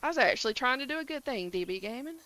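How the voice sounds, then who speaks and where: A woman's voice: high-pitched, animated, racing, sharp tone, rough recording. A woman from Georgia with a Southern accent, chatting casually on a game stream and greeting viewers by name. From Georgia, USA. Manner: upbeat, greets chat by name. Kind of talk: casual live-stream chat.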